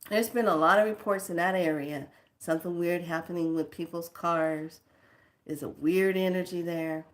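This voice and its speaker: Brief: spiritual teacher, woman, sassy storyteller with a lower voice. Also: moderate pace. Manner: animated, emphatic, sassy.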